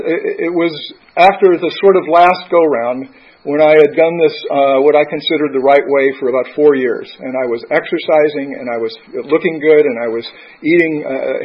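A man's voice: fairly high pitch, breathy edge. A man giving a candid, conversational personal testimony at a recovery meeting. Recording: dull lo-fi recording.

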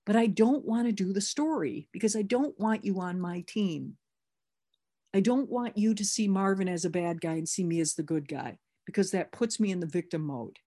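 A woman's voice: medium pitch, normal speed, darkish tone. A woman talking candidly and emphatically as a sponsor teaching recovery step work in a conversational workshop.

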